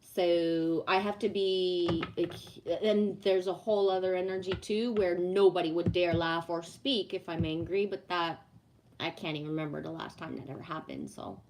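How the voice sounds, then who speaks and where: A woman's voice: lowish voice, fairly even intonation, normal speed, noisy background. A woman livestreaming casually to viewers, ranting bluntly and swearing freely, then reading oracle cards. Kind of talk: casual live chat with viewers.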